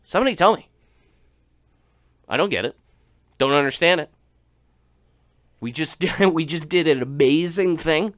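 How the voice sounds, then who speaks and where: A young man hosts a casual radio talk show with a sharp, bright tone that sits a little high for a man. He rambles through jokes and breaks into laughter. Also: lively intonation, moderate pace, pauses often. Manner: joking, rambling with laughs and restarts. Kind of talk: casual comedic monologue.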